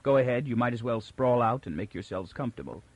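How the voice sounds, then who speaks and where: A man voicing a calm, controlled mutant villain who speaks tolerantly and with quiet menace. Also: lowish voice, moderate pace, breathy edge, no room sound. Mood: calm commanding.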